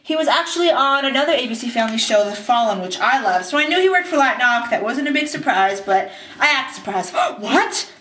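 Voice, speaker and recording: A woman's voice: on the high side, expressive, quick pace, hardly any pauses, a bit bright, roomy sound, distant mic. A young woman recapping a TV episode in a casual vlog, bubbly and acting out scenes in silly voices. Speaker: TV recap vlogger. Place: bathtub.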